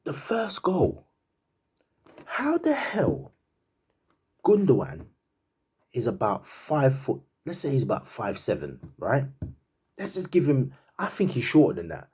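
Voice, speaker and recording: In a very animated, mid-range voice that's a bit mellow and husky, a football fan commentator reacts to a game at normal speed. He laughs, can't believe what he saw, and keeps repeating himself in slang.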